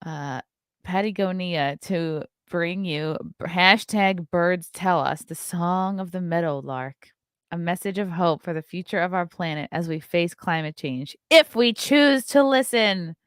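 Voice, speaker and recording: Woman host, 30s, lowish voice, dry close sound, chatty and sarcastic morning monologue. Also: fairly even intonation, unhurried, a bit bright, clear, resonant tone, dry recording. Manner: chatty, sarcastic, swears freely. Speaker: show host. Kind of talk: casual morning show monologue.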